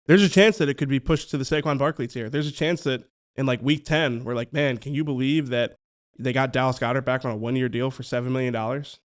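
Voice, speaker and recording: A man's voice: mid-range voice, steady tone, fast talker. A man co-hosting a casual sports podcast, weighing ideas aloud and often restarting his sentences. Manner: analytical, thinks aloud with fillers and restarts. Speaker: podcast co-host.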